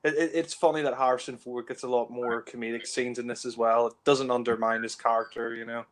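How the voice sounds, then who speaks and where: A man's voice: medium pitch, little pitch movement, fairly quick. A man giving a casual film commentary, hesitant, full of "you know" fillers and restarts.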